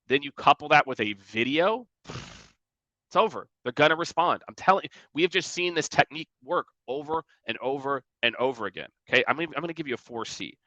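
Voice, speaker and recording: A man giving energetic sales coaching in a conversational way, often acting out emails and calls in mocking voices. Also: mid-range voice, dry recording, dull audio. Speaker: sales trainer.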